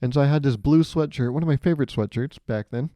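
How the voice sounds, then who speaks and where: Fast-talking in a mid-range voice, a young man hosts a solo podcast in a dry recording. He tells sarcastic, meandering comic stories and voices loud characters along the way.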